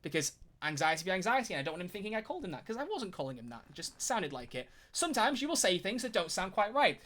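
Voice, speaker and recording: A streamer rattles through his thoughts at a quick clip, his voice sitting a bit high and sounding bright and sharp. He's animated and rambling, with swearing dropped in casually. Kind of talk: casual live-stream commentary.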